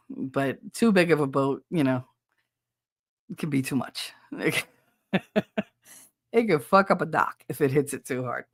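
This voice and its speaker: A woman's voice: sits low, no echo. A woman streamer chatting casually with her viewers, candid and crude, often breaking into giggles. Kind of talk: casual live-stream chat.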